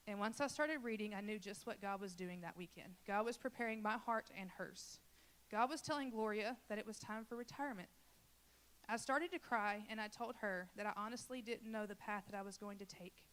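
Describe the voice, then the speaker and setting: A woman from Louisiana who leads a church children's ministry stands before her congregation to share a personal testimony. She speaks earnestly and with feeling in a mid-pitched voice. She talks to the listeners directly, as if to friends. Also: fairly bright tone.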